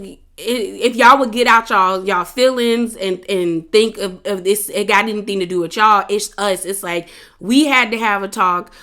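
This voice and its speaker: Chatty, opinionated woman with a bright voice. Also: mid-range voice. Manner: chatty, opinionated, slangy, animated retelling. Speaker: reality TV recap host. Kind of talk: casual recap commentary.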